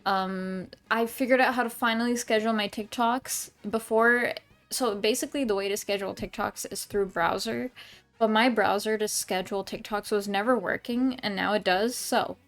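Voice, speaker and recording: A woman's voice: medium pitch, fairly even intonation, moderate pace, faint music behind. A woman streamer chatting casually with her viewers at home, rambling with lots of ums and restarts. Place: home room.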